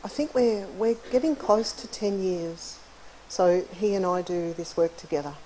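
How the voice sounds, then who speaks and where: A middle-aged woman speaks in a lowish, mellow voice from the stage of a university lecture hall. Her delivery is friendly and conversational, and she pauses now and then to clear her throat. A faint hiss of room noise sits behind her. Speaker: conference keynote speaker, psychologist.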